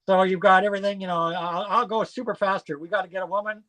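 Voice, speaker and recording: A man with a notably high voice talks through a live auction of records from his home. His delivery is casual and chatty, and he gets excitable as he rattles off long lists. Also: fast, slight background noise.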